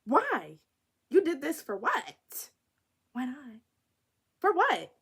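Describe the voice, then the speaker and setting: A fake-friendly, dismissive young guy, as a woman puts him on, mocking and sing-song. The voice swings up high and drops soft by turns, with a lively, jumpy pitch. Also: drawn-out words, gravelly, exaggerated voice.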